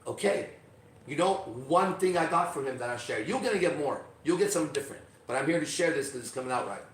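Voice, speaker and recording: A middle-aged man telling a personal story on a podcast, emphatic and profane, swinging from quiet to loud. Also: a little high, recorded from a distance. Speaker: podcast host. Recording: roomy echo, off-mic.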